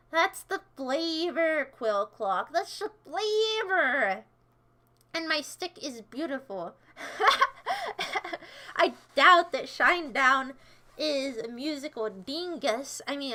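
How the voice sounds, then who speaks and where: A woman streamer with a high, bright voice talks to her chat in a loose, rambling way. She teases her viewers, repeats words in silly chants and jumps from joke to joke. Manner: goofy, rambling, teasing, breaks into silly songs. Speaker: livestream host. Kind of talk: casual livestream chat with viewers.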